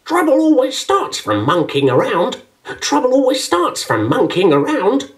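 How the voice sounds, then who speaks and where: A man voicing a croaking female toucan with a scratchy, crackly voice who repeats her warning over and over. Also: extremely high pitch, wildly swooping pitch, a little slow, pitched above the performer's own voice, exaggerated voice. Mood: scolding. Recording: distant, with background music.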